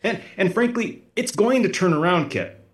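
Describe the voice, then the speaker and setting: A man's voice: sits high, lively intonation, moderate pace, reverberant. A man as a political candidate guest in a podcast interview, talking emphatically and repeating words as he presses his points. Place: podcast studio.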